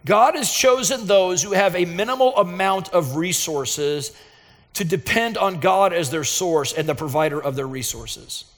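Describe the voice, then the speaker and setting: High-voiced pastor preaching in a reverberant hall. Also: male voice, unhurried. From Texas, USA. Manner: earnest and emphatic, building to fervent intensity. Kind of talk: sermon with personal storytelling.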